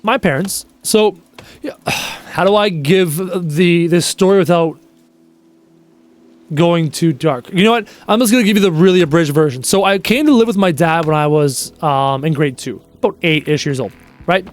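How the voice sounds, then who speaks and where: A man's voice: a little high, lively intonation, normal speed. A young Canadian man streaming a game and chatting casually with viewers in a rambling, joking way. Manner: rambling, chatty, jokes and bursts into quoted bits.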